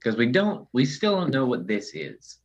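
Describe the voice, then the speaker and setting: A man talking casually as a tabletop game player, thoughtful and measured. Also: medium pitch, wildly swooping pitch. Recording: muffled lo-fi mic.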